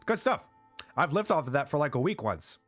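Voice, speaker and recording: A man's voice: a little high, very animated, fairly quick, soft background music, pitched above the performer's own voice. A man voicing an eager, fumbling traveling merchant in a tabletop game, with hesitant sales patter full of ums. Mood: chirpy.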